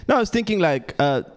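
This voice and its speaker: A man's voice: medium pitch, slight background noise. Stammering man doing stand-up. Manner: self-deprecating, stammering restarts. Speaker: stand-up comedian. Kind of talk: stand-up comedy set. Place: comedy club stage with live audience. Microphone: handheld stage mic.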